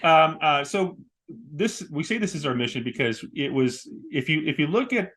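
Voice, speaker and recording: A man's voice: fairly high pitch, animated, normal speed, a bit bright. A man co-hosting a casual show, joking and enthusiastic as he chats with his wife. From Southern California. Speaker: co-host. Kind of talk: casual podcast chat.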